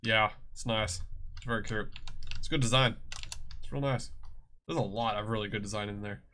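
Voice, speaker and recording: A man's voice: fairly low pitch, moderate pace, pushed and bright. A man streaming a game, chatting casually and joking playfully with his co-host. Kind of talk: casual chat while gaming.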